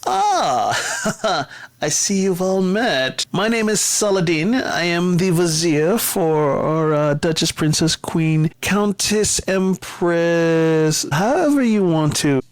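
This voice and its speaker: A man's voice: high-pitched, expressive, takes it slowly, no room sound, voice pushed up, full character voice. A man voicing a snooty, snake-faced male royal vizier in a pompous, haughty manner.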